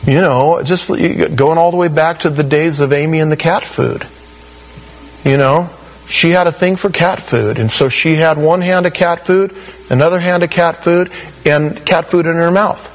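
A man's voice: fairly high pitch, normal speed, rough recording. A man preaching a sermon, telling stories with animation and acting out the voices of the people he quotes. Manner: animated storytelling, acts out quoted voices, laughs at his own stories. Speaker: pastor.

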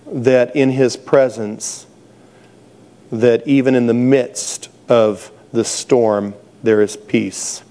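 A man's voice: medium pitch, warm tone. A middle-aged man preaching a sermon, telling stories with humor and laughing at his own jokes. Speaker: pastor.

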